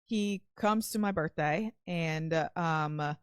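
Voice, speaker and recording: A woman's voice: low-pitched, takes it slowly, clear, resonant tone, dry recording, clean studio sound. A young woman telling a personal story in casual talk, rambling with lots of "like" and swearing. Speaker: podcast guest.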